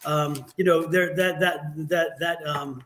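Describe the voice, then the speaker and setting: A man hosting a casual tarot reading stream, telling stories quickly, putting on voices and laughing often. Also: on the high side, a little hiss or hum. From West Virginia family, East Coast. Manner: animated storyteller, quick talker who puts on Southern voices and laughs often. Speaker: tarot reader co-host. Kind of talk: casual livestream chat.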